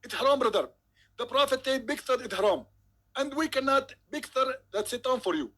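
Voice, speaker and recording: A man's voice: very high voice, lively intonation, fairly quick, fairly bright tone, pitched above the performer's own voice, exaggerated voice. A man voicing a smug, insistent male preacher on a call, talking emphatically and pompously. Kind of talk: comedic impression.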